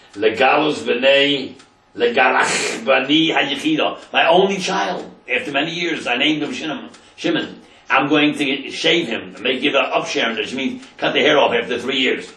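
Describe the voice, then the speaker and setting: A man's voice: normal speed, pushed and bright, echoey room, far from the mic, low-quality recording. A man voicing a grieving mother who pleads at a holy tomb in a rising, wailing voice. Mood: pleading. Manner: wailing plea, pitch rising sharply.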